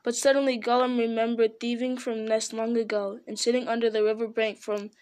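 A woman reading a children's story aloud in a measured, gently expressive way. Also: a little high. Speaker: narrator.

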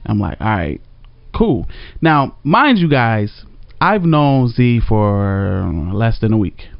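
A man's voice: medium pitch, lively intonation, slow pace, gravelly, smooth, dry recording. Laid-back rambling man telling a story. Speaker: storyteller co-host. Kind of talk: casual storytelling chat. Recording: dry, slightly dull audio.

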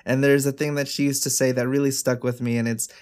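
A man's voice: mid-range voice, little pitch movement, fast talker, a little mellow, clear, resonant tone. A man co-hosts a casual conversation, talking in an earnest, easygoing way. He laughs easily and chats with a friend. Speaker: podcast co-host. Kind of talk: casual chat.

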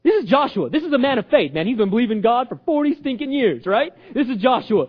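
Animated high-pitched preacher man. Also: quick pace, hardly any pauses, dull audio. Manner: animated, acts out quoted voices, jokes with audience. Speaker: pastor. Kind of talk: sermon.

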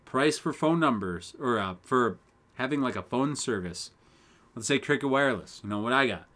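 A man's voice: mid-range voice, lively intonation, normal speed, fairly bright tone. A man in his twenties hosting a solo podcast, ranting casually with lots of swearing and laughter. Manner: profane, rambling, laughs often. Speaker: podcast host.

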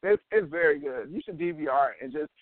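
A woman's voice: sits low, expressive, fairly quick. Gossipy woman podcast co-host, thin line. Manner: chatty, gossipy, teasing. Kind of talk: casual chat. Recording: dry phone-like line.

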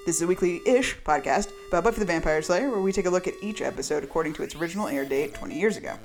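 A woman's voice: on the low side, animated, rapid-fire, a little mellow, soft background music. A woman hosting a casual podcast, bubbly and rambling, laughing often. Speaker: podcast host. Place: echoey room.

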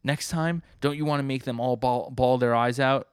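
A man's voice: mid-range voice, steady tone, normal speed, smooth, no echo, clean studio sound, pitched above the performer's own voice, natural voice. A man reading a comic's pushy, intense teenage girl film buff aloud, in a bossy, insistent way.

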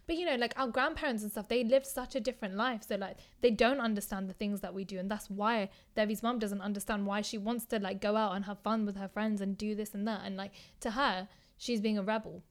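A woman's voice: mid-range voice, steady tone, fairly quick, hardly any pauses. A young woman from England chatting casually and bluntly as a podcast co-host, swearing now and then.

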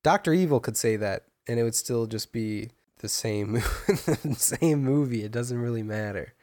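A young man chatting casually about a film, rambling and animated with many restarts. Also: medium pitch, normal speed.

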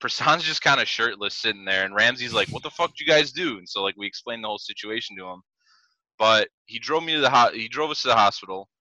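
A man's voice: mid-range voice, expressive, quick pace, sharp tone, no echo. Rambling young man telling a story. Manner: rambling, heavy "like" fillers, swears. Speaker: podcast storyteller. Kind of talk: casual storytelling. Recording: dull dry lo-fi mic.

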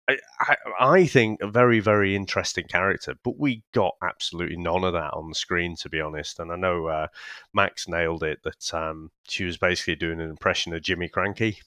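A man with a fairly low voice co-hosting a casual film review chat. He talks in a laid-back, halting way with frequent restarts. The recording is dry and close. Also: sharp tone, no echo. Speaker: film review podcast co-host.

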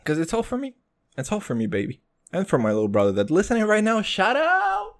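A young man from Israel hosting a casual solo podcast, rambling and joking with constant swearing and sudden pitch jumps. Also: sing-song, fast talker. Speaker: podcast host.

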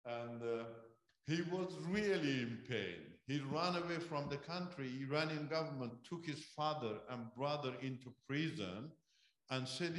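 A man giving a sermon testimony as a guest missionary speaker, telling a story with animated delivery and acting out what people said. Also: mid-range voice, measured pace, roomy sound. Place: church.

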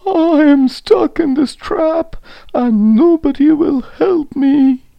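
A man voicing a proud male lion who brags in a gruff tone and pleads in high wailing cries. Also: sing-song, slow pace, no echo, muffled recording, heavily acted. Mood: pleading. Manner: swings from gruff boasting to high wailing pleas.

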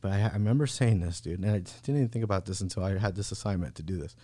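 Laid-back low-voiced guy, dry sound. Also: very fast, dark tone, no room sound. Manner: laid-back slangy talk, many "bro" and "like". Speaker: podcast guest. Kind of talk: casual storytelling.

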